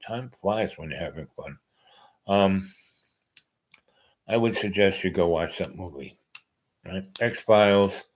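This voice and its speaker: Rambling low-voiced man. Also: slow, long pauses, poor audio. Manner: meandering, many fillers and restarts. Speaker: podcast host. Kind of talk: rambling casual monologue.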